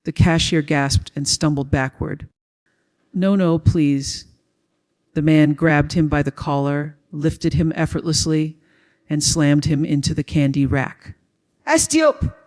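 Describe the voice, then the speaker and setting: A man's voice: a little high, little pitch movement, a little slow, a little mellow. Man narrating a dramatic story. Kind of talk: scripted first-person narration.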